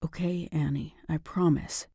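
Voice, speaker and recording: A woman doing a gruff young best friend. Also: on the low side, normal speed, dark tone, no room sound, studio quality, natural voice. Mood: casual. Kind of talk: audiobook dialogue.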